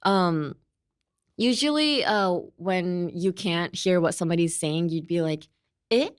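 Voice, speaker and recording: A woman's voice: fairly low pitch, measured pace, clear, resonant tone, no room sound, clean studio sound. A young woman hosting a casual English lesson, chatty and laughing often, switching into Japanese at times. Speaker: host and English teacher.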